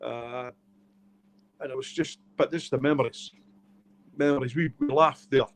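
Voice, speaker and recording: A man's voice: medium pitch, normal speed, a little hiss or hum. A middle-aged Scottish man, an author being interviewed, telling his life stories in a heartfelt, emotional way. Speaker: author guest. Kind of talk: candid storytelling interview.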